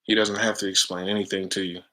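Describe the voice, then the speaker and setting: Lively man preaching in casual slang. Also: on the low side. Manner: animated, preachy, slangy, laughs often. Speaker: spiritual chant leader. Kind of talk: casual spiritual talk to viewers.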